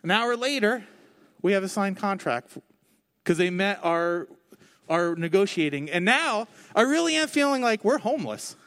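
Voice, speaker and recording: A man preaching a conversational sermon from the stage, telling his own story candidly with lively, expressive delivery. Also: high-pitched, moderate pace. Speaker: pastor. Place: on stage before a congregation.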